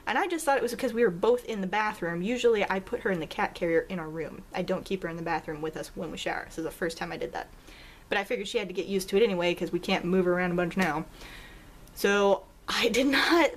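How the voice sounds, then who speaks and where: Young woman, casual vlog, storytelling, animated, laughs often, high-pitched quotes. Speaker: vlogger.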